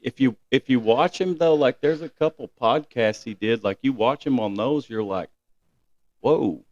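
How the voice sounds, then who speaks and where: A man's voice: medium pitch, normal speed, darkish tone, no echo, highs cut off. A man guesting on a podcast, laid-back and slangy, often calling people dude. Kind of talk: casual podcast chat.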